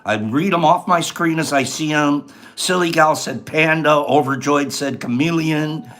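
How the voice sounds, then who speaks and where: A man's voice: a little high, unhurried, a bit bright. A man hosting a casual livestream, explaining each step as he goes and reading viewers' answers aloud in a chatty way. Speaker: livestream host. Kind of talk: casual livestream chat and how-to.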